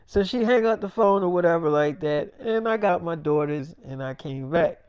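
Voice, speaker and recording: A man's voice: a little high, animated, normal speed, darkish tone, smooth, no echo, studio quality. A man telling an improvised comic story in a loose, rambling way.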